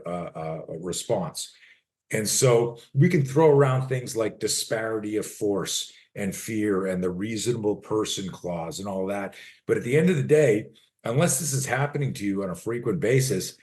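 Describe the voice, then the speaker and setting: A man's voice: lowish voice, darkish tone. Blunt, emphatic man in his sixties. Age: 60s. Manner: blunt, emphatic, swears freely. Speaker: personal defense coach. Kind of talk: interview, animated teaching with role-play demos.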